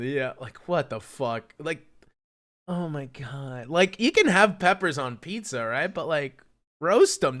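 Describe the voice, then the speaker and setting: A man's voice: medium pitch, fairly bright tone. A young man streaming live, ranting in a profane, mocking, incredulous way. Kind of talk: casual livestream rant.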